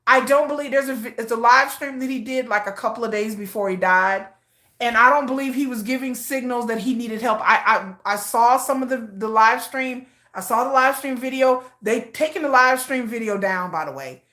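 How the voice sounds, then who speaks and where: A commentary vlogger with a slightly high, pushed and bright voice talks at a moderate pace in a reverberant space. Her casual commentary is emotional and repetitive, with many restarts.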